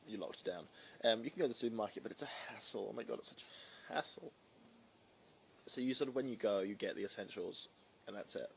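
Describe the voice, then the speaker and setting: A man's voice: on the low side, quick pace, creaky, a little hiss or hum. A man hosting a casual phone livestream from home, rambling and reading viewer comments aloud. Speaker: livestream host. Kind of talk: casual live-stream chat.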